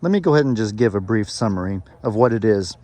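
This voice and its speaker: A man's voice: fairly low pitch, expressive, fast talker, warm tone, no room sound. A man who is a farmer vlogger, telling a story in a chatty, folksy way with frequent self-corrections. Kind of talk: casual storytelling vlog.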